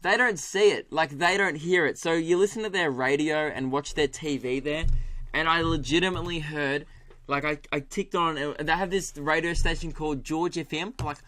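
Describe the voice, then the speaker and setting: Bright, animated Australian man ranting. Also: a little high, normal speed. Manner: animated, swearing, laughing, doing impressions. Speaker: podcast host. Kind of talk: solo comedic podcast rant.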